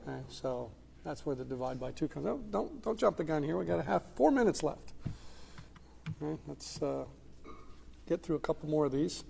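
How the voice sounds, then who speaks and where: A man's voice: fairly high pitch, animated, moderate pace, creaky, long pauses, dark tone, in a large hall, slight background noise. A man teaching an economics class in a conversational lecture style, checking in with his students as he goes. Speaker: economics instructor. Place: lecture hall.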